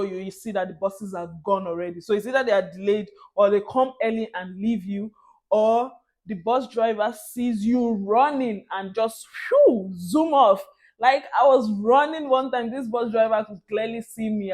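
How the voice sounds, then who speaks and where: Young Nigerian woman vlogger, Nigerian accent, chatty and expressive, laughs a lot, drops into Pidgin phrases. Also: mid-range voice. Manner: animated, laughs often, mixes in Nigerian Pidgin. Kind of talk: casual storytelling monologue.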